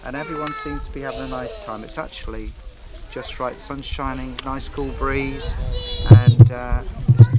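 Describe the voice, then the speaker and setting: A man's voice: mid-range voice, fairly even intonation, normal speed, hardly any pauses. A man casually vlogging outdoors at a barbecue, rambling and hesitant with many fillers. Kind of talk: casual vlog commentary.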